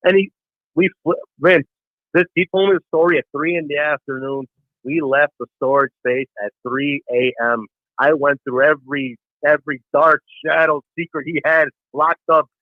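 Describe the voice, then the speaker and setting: A man calling in to a talk show, telling a long story with animated acted-out voices. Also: fairly high pitch, moderate pace, no echo. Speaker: caller. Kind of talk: phone-in storytelling. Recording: tinny phone line.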